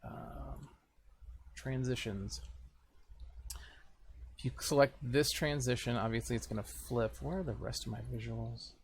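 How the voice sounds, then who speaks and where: A man's voice: mid-range voice, unhurried, long pauses, a little hiss or hum. A man casually talking through a screen-recorded editing tutorial, thinking aloud as he clicks around. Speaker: video tutorial host.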